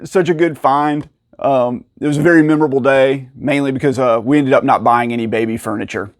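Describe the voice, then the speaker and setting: At a fairly quick pace, a channel host who collects video games recounts rare finds to camera, voicing the people involved with abrupt pitch jumps and frequent laughter. The audio is clean studio sound with no room sound.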